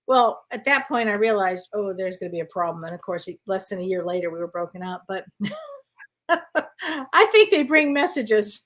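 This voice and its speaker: A woman co-hosting a casual spiritual chat show, an animated, chatty storyteller who reads viewer questions aloud. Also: a little high, normal speed. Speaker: co-host. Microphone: live online show.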